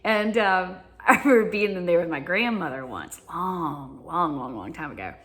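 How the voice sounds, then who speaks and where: With a lowish, fairly bright voice and normal speed, a Southern US woman vlogger spins casual stories. She's animated and giggly, laughing frequently as she talks through her monologue.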